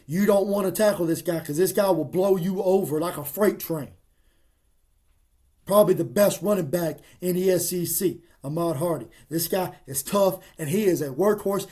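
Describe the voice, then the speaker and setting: An excitable man talks through his college football picks in a folksy, emphatic manner. His voice sits a little high for a man, and he leans hard into his predictions. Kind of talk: casual sports picks monologue.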